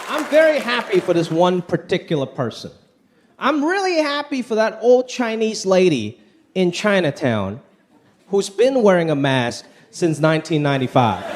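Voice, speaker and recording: A man performing a stand-up comedy set on a live stage, talking with animation and putting on quoted voices. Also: sits high. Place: live stage before a laughing audience. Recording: live show with crowd and faint noise.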